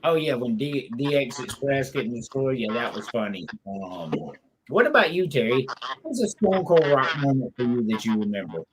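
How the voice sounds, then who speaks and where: A man's voice: mid-range voice, big pitch swings, normal speed, noisy background. A man hosting a casual chat, telling stories with animation and swearing freely.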